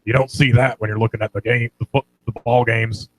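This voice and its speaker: A man's voice: medium pitch, little pitch movement, a little fast, no echo, lightly acted, low-quality recording. A young man doing an impression of a ranting male conspiracy-theory radio host who lectures in a paranoid way.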